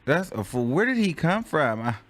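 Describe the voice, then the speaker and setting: A man's voice: fairly high pitch, normal speed. A man hosting a casual commentary show, laughing often and acting out scenes dramatically. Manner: laughing, animated, dramatic reenactments. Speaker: host.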